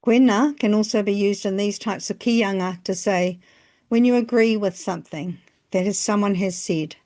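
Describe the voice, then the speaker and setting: A woman narrating a scripted language lesson, phrasing each example slowly and carefully. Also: medium pitch, a little mellow. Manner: slow, careful phrasing with pauses between examples. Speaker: language teacher.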